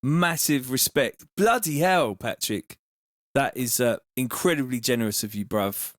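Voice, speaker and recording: A man's voice: medium pitch, lively intonation, measured pace, no room sound. Laid-back London man, dry close sound. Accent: London English. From England. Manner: laid-back, slangy, thanks viewers warmly. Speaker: music producer streaming live. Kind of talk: casual livestream chat.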